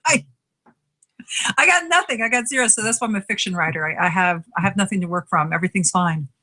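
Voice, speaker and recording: A woman's voice: mid-range voice, quick pace, bright, forceful tone. A woman co-hosting a podcast and teaching writing, chatting casually, laughing often and restarting her sentences.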